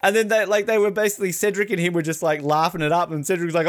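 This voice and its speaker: A man's voice: sits high, very fast, few pauses, dry recording. Brief: Australian male podcast co-host, casual and rambling, close dry sound. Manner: rambling, animated, laughing. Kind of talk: casual chat recapping sports.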